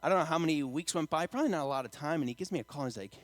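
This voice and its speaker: A man preaching a sermon as pastor, rising to loud emphatic lines and dropping to a quiet storytelling tone. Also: racing, dry recording. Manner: emphatic preaching, getting louder and higher on key lines; drops to quiet storytelling in the anecdote.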